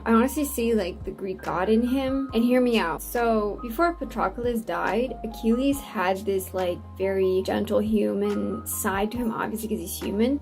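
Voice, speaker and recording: A woman's voice: mid-range voice, darkish tone. A young woman talking casually about a book she is reading, emotional, swearing and saying "like" a lot. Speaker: book vlogger. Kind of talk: casual chat. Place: dim room at home.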